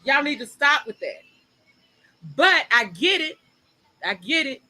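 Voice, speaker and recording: A woman co-host holds forth in casual chat. Her voice is bright and forceful, and she talks in an animated, opinionated way, rushing ahead when she presses a point. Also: high-pitched, rough recording. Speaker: podcast co-host.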